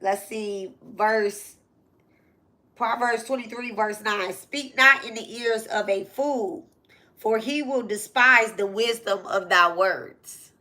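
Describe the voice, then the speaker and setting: Woman, casual spiritual teacher, bright voice, keeps checking in with listeners. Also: a little high, slow. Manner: repetitive, asks "okay?" and "right?" often.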